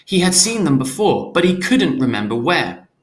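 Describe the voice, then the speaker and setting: A man's voice: fairly high pitch, big pitch swings, normal speed. A man reading a novel aloud, stopping to restate hard words in simpler terms.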